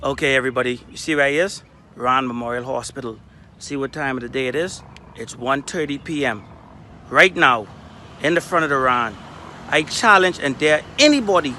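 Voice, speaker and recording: A man's voice: medium pitch, sharp tone, a little hiss or hum. A Bahamian man making an angry, defiant appeal straight to camera, firing off rhetorical questions. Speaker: local volunteer.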